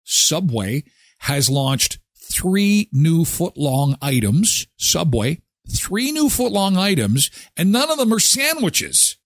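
Man, morning show host, bouncy lively pitch, dry close sound. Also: takes it slowly, no room sound. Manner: jokey, chatty, laughs often. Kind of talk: live morning show chat and ad reads.

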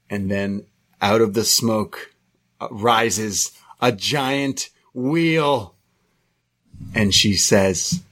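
A man's voice: fairly low pitch, drawn-out words, a bit bright. A man co-hosting a wrestling podcast, chatting casually and recapping the show with acted-out quotes. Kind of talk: casual chat.

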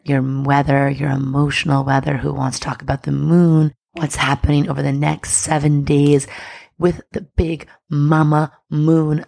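A woman with a low, gravelly, raspy voice chats breezily as a podcast host. Her talk is loose and upbeat, full of casual asides. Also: a little mellow, no room sound. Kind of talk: casual spiritual podcast chat.

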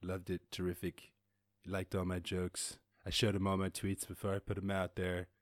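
A man's voice: low voice, completely flat delivery, normal speed, dry recording, studio quality, lightly acted. A man doing an impression of a boastful older president who rambles and praises himself. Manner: rambling, repetitive bragging.

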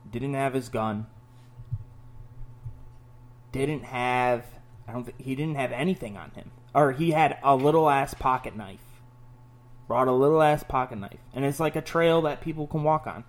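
A man hosting a casual podcast, talking in a loose, profane, animated way as he tells stories. His New is clear, and his pitch sits at an ordinary middle level. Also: moderate pace, pauses often. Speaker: podcast host. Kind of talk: casual chat.

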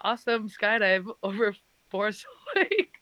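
A woman's voice: mid-range voice, big pitch swings, unhurried, sharp tone, dry recording. A woman who works as a skydiving instructor, chatting casually as a podcast guest, laughing often and saying um and like. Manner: laughs often while telling stories, many "um" and "like".

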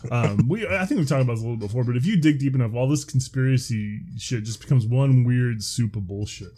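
Mid-pitched man, loose and halting, as a podcast co-host chatting casually. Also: dark tone. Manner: loose and halting, many fillers and restarts. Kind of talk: casual chat.

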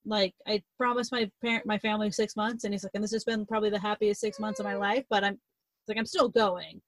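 A woman's voice: mid-range voice, steady tone, quick pace, no echo, poor audio. Chatty young woman, swearing casually. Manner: rambling, swears casually, acts out characters' lines. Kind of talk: casual chat retelling a novel.

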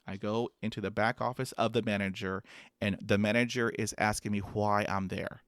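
A man's voice: fairly low pitch, steady tone, normal speed, a bit bright, clear, resonant tone, dry recording, clean studio sound. A man who stutters, with blocks and repeated sounds, telling a self-mocking personal story and acting out quotes. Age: adult with a master's degree.

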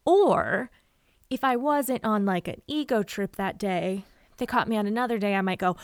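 A woman giving casual writing advice to camera, expressive and chatty, often acting out quotes. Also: medium pitch, moderate pace, smooth, no echo, studio quality. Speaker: writer and vlogger.

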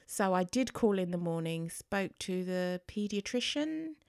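A woman's voice: fairly low pitch, a little slow, clear, resonant tone, dry recording, clean studio sound. Chatty woman telling a personal story. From England. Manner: animated, acts out voices in quotes. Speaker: guest. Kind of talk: casual storytelling.

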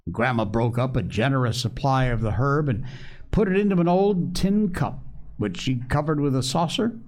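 A man's voice: mid-range voice, moderate pace, a little mellow. Folksy man reading a storybook aloud. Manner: friendly, folksy, easygoing delivery. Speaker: show host reading a children's book. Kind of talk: storybook read-aloud and casual sign-off.

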